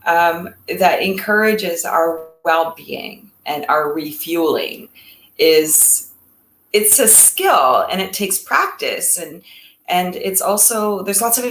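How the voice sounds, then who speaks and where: A woman's voice: medium pitch, a bit bright, roomy sound, slight background noise, low-quality recording. A woman co-hosting a casual talk on mental health in a reflective, encouraging way. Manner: reflective, encouraging, speaks in lists. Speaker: co-host.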